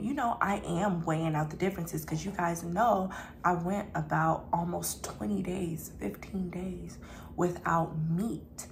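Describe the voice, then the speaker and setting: A young woman talks casually to her viewers while she eats on camera, calling them y'all and pausing for the odd burp. Her voice sits a little low, with a gravelly, fried edge. A faint hum of room noise runs behind her. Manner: chatty, talks to viewers as y'all, burps between bites. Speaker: mukbang vlogger. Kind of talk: casual chat while eating.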